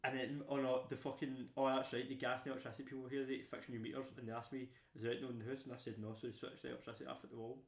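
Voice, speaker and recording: A young man rattles through his stories at a fast clip, swearing freely as he goes. His voice carries a noticeable echo, as if the room around him is bare and hard-walled. The talk is loose, animated podcast chat between friends. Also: mid-range voice, vocal fry. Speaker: podcast co-host. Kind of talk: casual chat.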